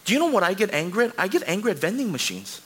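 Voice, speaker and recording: Male pastor in his 30s, high-pitched, animated conversational sermon in a church sanctuary. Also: rapid-fire, slightly rough. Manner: animated, conversational preaching with asides to the congregation.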